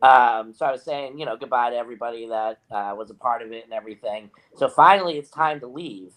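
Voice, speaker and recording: A man co-hosting a casual podcast, telling a story in an animated way, mimicking other people and laughing often. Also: mid-range voice, quick pace, poor audio. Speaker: podcast co-host.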